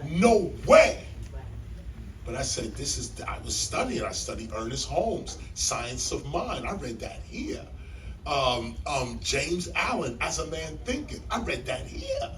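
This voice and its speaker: Animated New man telling a story. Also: a little slow, far from the mic, slight background noise, poor audio. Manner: animated, preacher-like storytelling with sudden pitch jumps and emphatic repeats. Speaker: guest speaker on stage. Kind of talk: live storytelling talk. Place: library event hall before a live audience.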